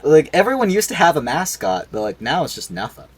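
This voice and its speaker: A young man chatting casually on a podcast, joking with quick interjections. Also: on the high side, big pitch swings, husky, dry recording. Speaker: podcast co-host. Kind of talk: casual chat.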